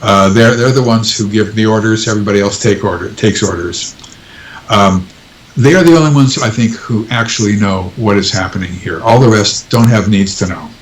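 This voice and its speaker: A man's voice: on the low side, normal speed, a little hiss or hum, poor audio. A man answering interview questions in casual talk, hesitant, with many ums and restarts. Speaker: guest author.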